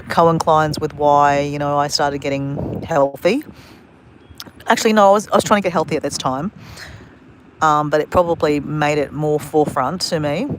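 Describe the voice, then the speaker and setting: Outdoors at a beach at sunset, a travel vlogger with a low-pitched voice tells a story casually on a phone livestream, rambling and correcting herself as she goes. The background is noisy.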